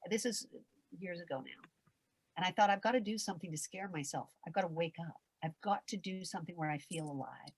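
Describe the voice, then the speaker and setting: A woman's voice: on the low side, brisk, breathy edge. An older woman, a veteran performer, telling a story in a podcast interview, acting out the voices and swearing freely as she goes. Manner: dramatic, acts out voices and shouts in her anecdotes; candid, swears casually.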